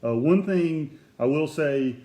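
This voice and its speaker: A man telling autograph stories in casual chat, lively and eager as he describes each piece. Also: on the high side, takes it slowly, roomy sound. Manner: animated storyteller who acts out quotes. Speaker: guest collector telling an autograph story.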